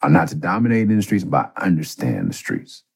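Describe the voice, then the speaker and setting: A man's voice: low-pitched, wildly swooping pitch, fairly quick, creaky, darkish tone, husky. A middle-aged man hosting a podcast, telling a story in a casual, profane, rambling way. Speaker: podcast host.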